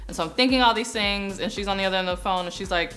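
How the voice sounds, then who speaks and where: A young woman from the United States, a business coach on YouTube, telling her own story in an animated vlog and acting out the voices she quotes. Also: mid-range voice, racing, faint music behind. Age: young adult.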